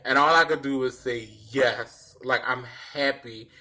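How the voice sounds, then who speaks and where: A young man casually telling a personal story in a dramatic, animated way, swearing freely. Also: medium pitch, unhurried. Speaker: vlogger.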